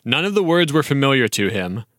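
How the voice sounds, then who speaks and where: A man co-hosting a comedy podcast, reading old stories aloud and often cracking up. His voice is bright and sits close to the mic in a dry sound. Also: mid-range voice, very animated, fairly quick, no room sound. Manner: reads aloud and breaks off laughing. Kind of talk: casual comedic chat.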